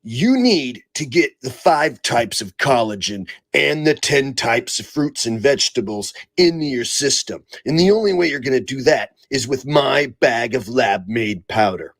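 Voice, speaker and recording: A man playing a mock-serious male infomercial pitchman host. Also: expressive, unhurried, few pauses, dry recording. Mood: salesy. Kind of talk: comedic parody.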